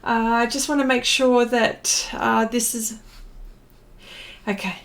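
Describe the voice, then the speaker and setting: Slow and level in tone, her voice on the high side, a middle-aged Australian woman chats through her art livestream. She's a little flustered as she welcomes viewers by name.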